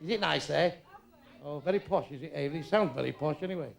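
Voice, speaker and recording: A man's voice: fairly high pitch, fast, gravelly, some chatter behind. An older man doing live stand-up, bluntly and crudely teasing people in the audience. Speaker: stand-up comedian. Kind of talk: live stand-up crowd work. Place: comedy club stage. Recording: live club recording with background noise.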